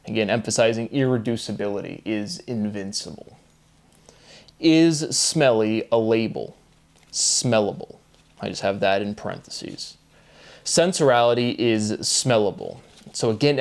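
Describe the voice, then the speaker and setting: A man's voice: mid-range voice, darkish tone. A man reading aloud from his notes in a rambling monologue, pairing words and muttering asides to himself. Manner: reads word pairs aloud, muttering asides. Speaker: self-published theorist reading notes.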